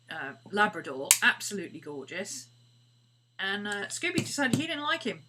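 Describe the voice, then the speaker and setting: A woman chatting away as she works on a craft project, her voice sitting at a middling pitch. She often sinks into a quiet murmur as she concentrates. A steady hum runs under the recording. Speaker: craft streamer. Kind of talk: casual live craft stream chat. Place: home craft studio.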